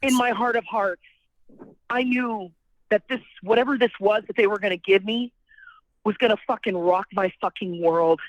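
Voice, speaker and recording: A woman's voice: mid-range voice, moderate pace, no room sound, lo-fi sound. A woman with a New York accent, a podcast guest telling her recovery story in a blunt, profane, casual way with frequent restarts.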